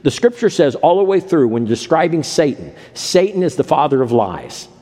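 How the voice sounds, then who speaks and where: A man's voice: a little high, very animated, normal speed, mellow, big-room sound. A man preaching a sermon as pastor, telling stories and acting out the people in them. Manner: storytelling, acts out quoted voices.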